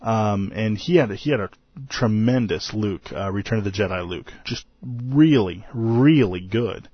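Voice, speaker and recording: A man's voice: fairly low pitch, measured pace, breathy edge, no room sound, dull audio. A tired man hosting a podcast, recapping a convention in a rambling, self-deprecating way and laughing often. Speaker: podcast host.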